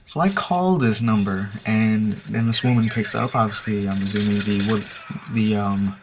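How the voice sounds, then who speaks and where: A man's voice: lowish voice, moderate pace, rough recording. A man casually telling a story over game footage as a gaming commentator, rambling and hesitant with lots of filler words. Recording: steady background hiss with clicking.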